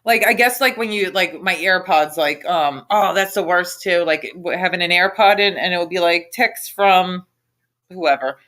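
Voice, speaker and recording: A woman co-hosting a loose online chat, her voice pitched a little low. She rambles with lots of fillers and talks bluntly and casually. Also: moderate pace, few pauses, a bit bright.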